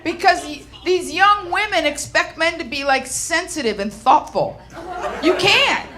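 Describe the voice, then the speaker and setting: This stand-up comedian is a middle-aged woman with a very high, animated voice who speaks at a measured pace. Brassy and punchy, she talks straight to a laughing audience at a comedy club. Crowd noise fills the live recording.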